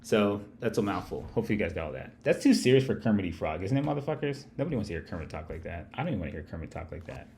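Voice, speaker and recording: Man, livestream market host, lowish voice, profane, rambling, chatty with viewers. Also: lively intonation, rapid-fire, few pauses, darkish tone, slight background noise. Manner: profane, rambling, talks to chat directly. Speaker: host of a live market-analysis stream. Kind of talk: casual livestream market commentary.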